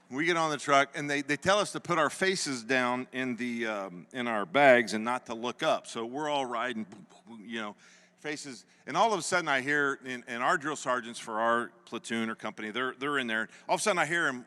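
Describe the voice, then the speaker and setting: A man's voice: mid-range voice, moderate pace, sharp tone. A man in his fifties preaching a sermon, telling a personal story in a folksy way with frequent laughs and repeated phrases. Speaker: pastor. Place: church sanctuary. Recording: long hall reverb.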